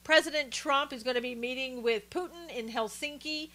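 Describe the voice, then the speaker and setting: A woman with a fairly high, bright, forward voice hosts a live stream in a loose, conversational way. She talks through political opinions with plenty of "uh"s and greets her viewers by name as she goes. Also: moderate pace. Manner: chatty, opinionated, with frequent fillers and greetings to viewers. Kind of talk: casual political commentary, reading viewer chat.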